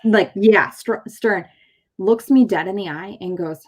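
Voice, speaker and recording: A woman's voice: mid-range voice, unhurried. Woman telling a personal story animatedly. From San Diego, California. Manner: animated, acts out quoted dialogue; rambling with many fillers and restarts. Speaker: chiropractor and show host. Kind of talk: casual interview storytelling.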